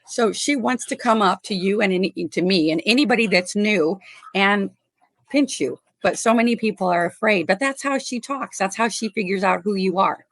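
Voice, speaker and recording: Speaking at medium pitch and normal speed with no echo, this animal rescuer from Chicago, USA, is a podcast guest. The interview is casual, and she's chatty and warm, laughing frequently and filling her speech with fillers.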